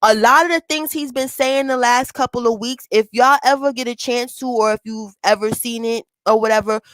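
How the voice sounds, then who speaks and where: Woman, high-ish voice, blunt and profane, reaction commentary, dry close sound. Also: fairly even intonation, brisk, a bit bright, no room sound, rough recording. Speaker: commentary streamer.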